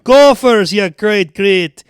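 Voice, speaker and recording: A man's voice: high voice, expressive, takes it slowly, clear, resonant tone, dry recording, clean studio sound, pitched above the performer's own voice. A man voicing an angry Scottish head groundskeeper who barks orders, with a put-on Scottish accent. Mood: furious. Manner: barking orders.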